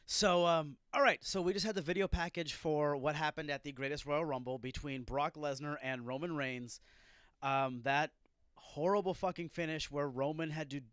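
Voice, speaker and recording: Profane ranting man, fairly high voice. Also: normal speed, fairly bright tone, smooth, no echo, studio quality. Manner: profane, ranting, irritated outbursts. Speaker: podcast host. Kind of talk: solo wrestling review podcast.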